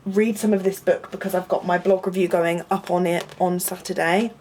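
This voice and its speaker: A young woman, a university student, chatting casually in a rambling vlog from her student flat. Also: fairly low pitch, moderate pace, a little hiss or hum. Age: young adult. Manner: rambling, lots of "like" fillers.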